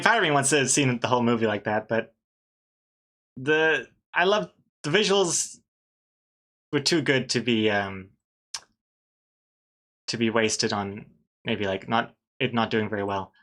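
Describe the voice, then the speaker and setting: A man's voice: mid-range voice, bright, forceful tone. A man casually chatting on a live art stream while he draws, rambling, trailing off and laughing often. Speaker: artist streaming while drawing.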